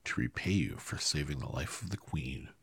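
A man voicing a group of small mice in a shrill, piping voice. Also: moderate pace, gravelly, husky, dry recording, exaggerated voice. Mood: eager. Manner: excited, piping.

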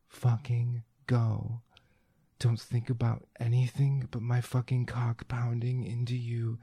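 A man's voice: medium pitch, mellow, dry recording. A man in whispered role-play, talking in intimate, murmuring tones that often drop to a whisper. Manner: intimate, breathy murmuring with frequent whispers and profanity. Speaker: erotic audio performer. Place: room indoors.

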